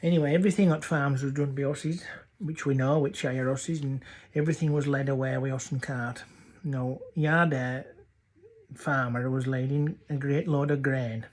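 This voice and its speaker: A man's voice: medium pitch, steady tone, normal speed, a little mellow. A man with a North Yorkshire accent telling rambling dialect stories. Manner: rambling, chatty. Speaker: dialect storyteller.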